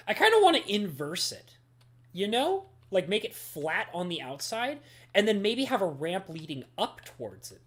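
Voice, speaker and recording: A young woman streaming a game, chatting casually in an animated, rambling way with lots of fillers. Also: medium pitch. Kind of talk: casual gameplay stream chat.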